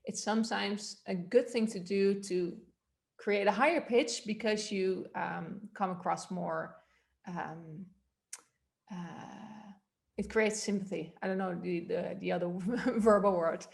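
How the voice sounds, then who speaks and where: A woman's voice: medium pitch, fairly even intonation, takes it slowly, creaky. A woman voice coach giving a workshop, explaining techniques in a loose, conversational way and demonstrating them aloud. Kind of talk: workshop instruction.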